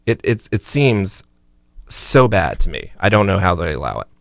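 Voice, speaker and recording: A man co-hosting a casual talk show, venting about traffic and letting his sentences fade off quietly. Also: sits low, big pitch swings, moderate pace, creaky, dry recording, clean studio sound. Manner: ranting, trails off quietly at ends. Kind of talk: casual radio chat.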